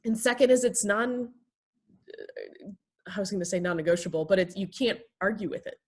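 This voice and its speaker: A woman therapist and pastor teaching basic communication skills in a relaxed talk, acting out short everyday examples. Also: mid-range voice, normal speed. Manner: explains with acted everyday examples.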